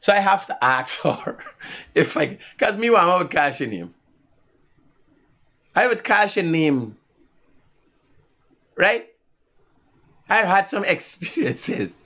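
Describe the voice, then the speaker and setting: This man hosts a live talk show with a Guyanese accent, his voice high-pitched and slow with long pauses. He spins casual, animated stories and laughs frequently.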